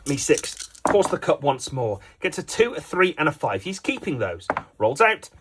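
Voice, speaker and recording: A man's voice: a little high, big pitch swings, moderate pace, background noise. A man giving jokey, playful play-by-play commentary on a dice game as its host.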